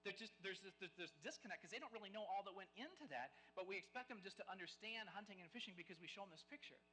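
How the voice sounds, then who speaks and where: A man giving a live storytelling speech as guest speaker at a game dinner, animated and conversational, acting out the lines of the people in his stories. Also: high-pitched, quick pace, faint music behind, low-quality recording.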